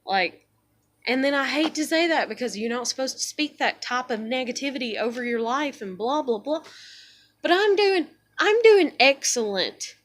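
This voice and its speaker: A woman's voice: high voice, lively intonation, moderate pace. A woman venting in a blunt, profane, rambling monologue at home, a mother and vlogger.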